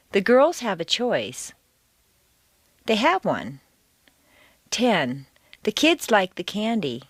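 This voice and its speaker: Slow, deliberate American woman teacher. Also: medium pitch, dry recording. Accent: General American. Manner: slow, deliberate, exaggerated intonation for learners to repeat. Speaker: accent teacher. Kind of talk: scripted audio lesson.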